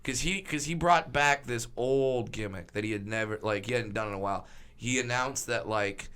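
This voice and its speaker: A man who is a comedian guest on a podcast, telling stories in casual chat with an animated manner and stammering restarts. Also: medium pitch, moderate pace, clean tone.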